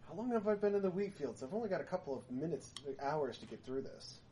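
A man taking part as a player in a tabletop game, animated and quick to jump in. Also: fairly high pitch, slight background noise. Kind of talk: casual tabletop play.

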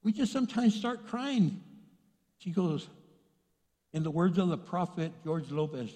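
A middle-aged man from Texas preaching in a large church, his voice sitting high for a man. He swings between quiet, confiding asides and loud, fired-up bursts. A long reverb trails every phrase around the packed hall. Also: a little slow. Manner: animated preaching, swinging from hushed to shouting. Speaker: pastor. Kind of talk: sermon.

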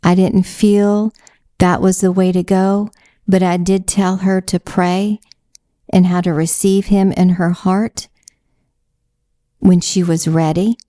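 A woman's voice: on the low side, level tone, slow, long pauses, mellow, dry recording, clean studio sound. A middle-aged woman earnestly telling a Christian testimony and urging listeners on, repeating phrases for emphasis. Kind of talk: slow heartfelt testimony and exhortation.

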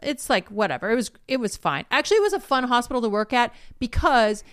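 A woman's voice: a little high, very animated, a bit bright. A woman in her thirties, a former nurse co-hosting a show, talking frankly and with some swearing in casual chat. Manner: frank, quick to laugh, profane.

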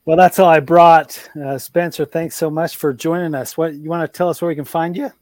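Brief: higher-voiced male podcast host, amused banter, dry recording. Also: fairly even intonation, a little fast, a little mellow, no room sound. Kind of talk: casual podcast chat.

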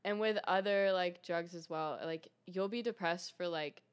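Young woman, lowish smooth voice, earnest, casual testimony, lots of fillers. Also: moderate pace. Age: young adult. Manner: earnest, many fillers and restarts. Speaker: guest sharing testimony. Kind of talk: casual faith testimony chat.

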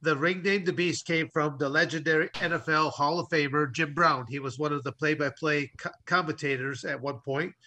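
A man's voice: on the high side, steady tone, normal speed, few pauses, sharp tone, slight background noise. A man co-hosting a talk show, telling a long story in a rambling way with many restarts. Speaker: co-host. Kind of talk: casual storytelling.

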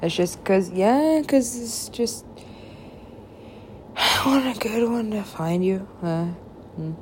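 A woman's voice: mid-range voice, slow pace, slight background noise. A woman rambling in a drifting, profane monologue that often drops to a whisper.

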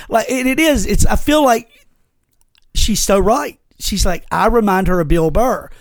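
A man's voice: high-pitched, normal speed, dry recording. A man co-hosting a podcast, telling a story in casual chat with lots of swearing. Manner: animated storytelling, heavy swearing. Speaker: podcast co-host.

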